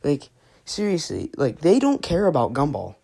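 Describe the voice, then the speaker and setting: Woman, reviewer, angry rant, heavy swearing, low voice, lively pitch swings. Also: moderate pace, vocal fry, husky. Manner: angry, profane ranting; rambling with frequent fillers. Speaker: cartoon reviewer. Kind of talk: ranting commentary.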